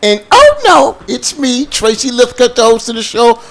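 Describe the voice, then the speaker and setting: Host role: high-voiced man, very animated pitch, playful banter. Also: moderate pace. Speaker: talk show host. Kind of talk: lively panel show hosting.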